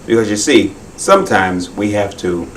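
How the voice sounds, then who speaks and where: A man's voice: on the low side, animated, a little slow, fairly bright tone, distant mic, a little hiss or hum, low-quality recording. A man hosting a children's magic show, talking viewers through his tricks in a friendly, instructive way.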